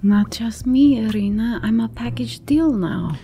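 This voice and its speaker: A woman's voice: fairly high pitch, lively intonation, measured pace, mellow, faint music behind. A woman playing in a tabletop game, blunt and swearing freely in character. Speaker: player. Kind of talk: in-character role-play.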